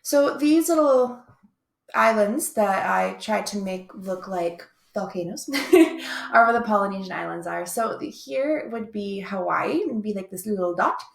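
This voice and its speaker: A woman's voice: medium pitch, expressive, measured pace, vocal fry, echoey room. A young woman teaching an online music lesson in an upbeat, chatty way. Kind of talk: recorded video lesson.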